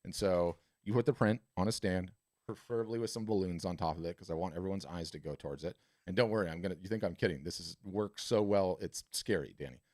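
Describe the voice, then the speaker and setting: A man's voice: deep voice, quick pace, a little mellow, no room sound, clean studio sound. A man hosting a webinar, coaching a caller emphatically and ending points with "right?". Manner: emphatic, salesy, repeated "right?" tags. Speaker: webinar host and art business coach. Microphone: video call.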